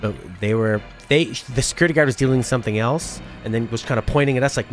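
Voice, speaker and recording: A man's voice: mid-range voice, quick pace, few pauses, soft background music. A man streaming a game with a friend, chatting and telling a story, sometimes reading the game's lines aloud in playful voices. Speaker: let's play streamer. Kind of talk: casual gameplay chat, reading game dialogue aloud.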